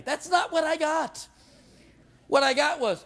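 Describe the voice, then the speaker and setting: Over slight background noise, a man with a very high-pitched voice preaches unhurriedly. His sermon is full of lively storytelling and crowd-pleasing humor, with words repeated and stumbled over as his points take shape.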